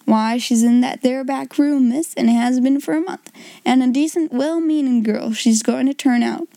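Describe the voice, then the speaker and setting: A good-natured, chatty shopkeeping baker woman with homely, rough-edged speech, as a woman reader puts her on. Her voice is mellow and close, with a dry sound. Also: high-pitched, normal speed, dry recording. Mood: cheerful.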